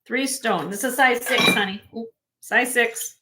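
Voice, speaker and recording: A woman hosting a casual live jewelry sale from home, briskly listing rings and sizes with chatty asides. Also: on the high side, very noisy. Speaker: host selling jewelry on a live stream.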